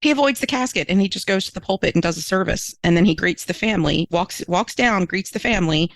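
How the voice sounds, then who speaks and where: A woman guest on an interview podcast recounts a personal story with earnest feeling, her voice lifting high when she is moved. Her tone carries a gravelly fry. The sound is close and dry with no room around it. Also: fast talker, no echo, poor audio. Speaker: minister and writer, podcast guest.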